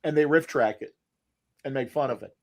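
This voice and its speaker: A man co-hosting a casual chat, halting with many fillers and restarts. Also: medium pitch. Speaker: podcast co-host.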